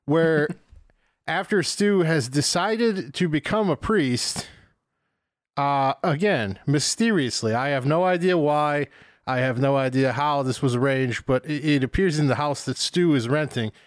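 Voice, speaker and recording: A man with a slightly high voice rambles through a casual movie review, exasperated and cursing freely. His voice sounds dry and close to the mic, with no room sound. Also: measured pace, no echo. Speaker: podcast co-host.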